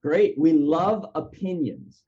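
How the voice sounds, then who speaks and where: Husky male podcast host, lo-fi. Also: fairly high pitch, slow. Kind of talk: interview hosting. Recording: dull lo-fi audio.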